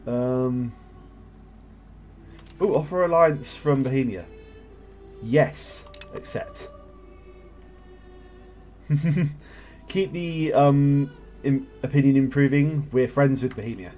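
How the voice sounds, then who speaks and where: A man's voice: mid-range voice, slow, pauses often, warm tone, soft background music. A man casually commentating his own strategy game play as he thinks aloud, with jokey asides. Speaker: gameplay streamer. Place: home setup, recorded live on a voice chat.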